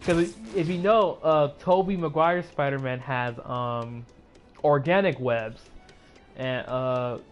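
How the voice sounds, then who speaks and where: A man's voice: mid-range voice, takes it slowly, highs cut off, soft background music. A man casually recapping a film for his channel in a loose, rambling way, full of "like" and "uh" and restarted sentences.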